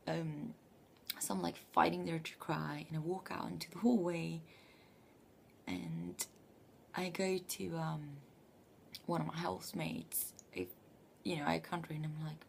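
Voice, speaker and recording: A young woman telling a story late at night from her bedroom, speaking in a hushed half-whisper and swearing freely. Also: sits low, sing-song, a little slow, creaky, long pauses, a little hiss or hum. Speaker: vlogger living abroad.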